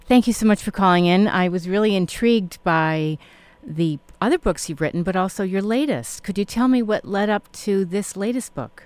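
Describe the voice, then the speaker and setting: A woman hosting a talk show, interviewing a guest with encouraging remarks and quick affirmations. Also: mid-range voice, darkish tone, dry recording. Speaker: show host.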